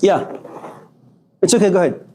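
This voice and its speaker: Animated male philosophy professor lecturing. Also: sits high, moderate pace, background noise. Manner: animated storytelling, acting out dialogues with students. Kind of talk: classroom lecture. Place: classroom.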